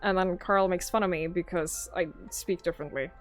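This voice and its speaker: A young woman from Norway, a game streamer, chats casually with her live-stream viewers in Norwegian-accented English, reading their messages aloud. Her voice is lowish with fairly even intonation and a slightly fast pace over soft music, and she muses aloud and swears casually.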